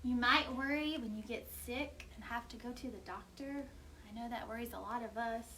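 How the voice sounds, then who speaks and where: A woman children's librarian reading a picture book aloud at storytime, with an animated, sing-song delivery. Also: on the high side, moderate pace, a little hiss or hum. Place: library storytime recorded at home or library.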